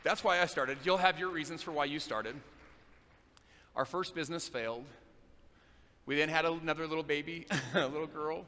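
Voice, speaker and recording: Bright-voiced man speaking in a hall. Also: a little high, normal speed, pauses often. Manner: emphatic, repeats phrases in driving rhythm. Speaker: motivational speaker at a business event. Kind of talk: energetic motivational speech. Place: large event hall, live on stage. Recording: echoey hall, faint ambience.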